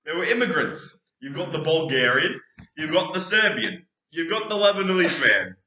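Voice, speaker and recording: A man's voice: a little high, sing-song, moderate pace, sharp tone, reverberant, muffled recording. A man co-hosting a comedic podcast, argumentative and rambling. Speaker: podcast co-host.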